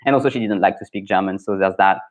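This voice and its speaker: A man's voice: sits low, quick pace. A man with a French accent, a pronunciation coach hosting a casual live stream, answering viewer comments in a frank, opinionated way. English is not his first language. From France.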